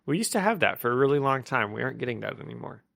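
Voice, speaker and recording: A man's voice: mid-range voice, sing-song, racing, creaky, a bit bright, no room sound, clean studio sound. A man co-hosting a comic book podcast, chatting casually, rambling and laughing often. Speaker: podcast co-host.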